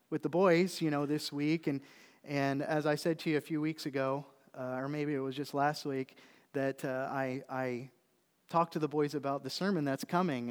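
A middle-aged man, a pastor preaching a sermon, telling a story and then building into animated emphasis. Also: a little high, clear, resonant tone. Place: church sanctuary. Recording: long reverb of a church hall.

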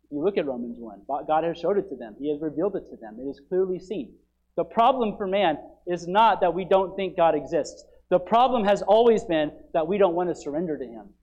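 A pastor preaching a sermon, swinging between loud, urgent declarations and quiet, low asides. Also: male voice, expressive, brisk, lo-fi sound.

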